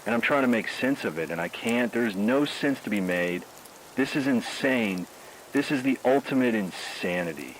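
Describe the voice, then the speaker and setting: A man's voice: mid-range voice, expressive, moderate pace, slight background noise, lightly acted, low-quality recording. A man playing a frightened radio DJ who talks in a grim, shaken and despairing way during a radio drama. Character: male radio host, scared and grief-stricken.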